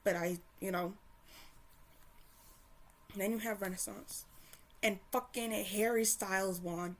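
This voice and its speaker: Woman commentator, casual rant, angry and swearing, stop-start delivery, mid pitch. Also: fairly even intonation, slow pace, pauses often. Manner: heated, profane, with frequent restarts. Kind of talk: casual opinion rant to camera.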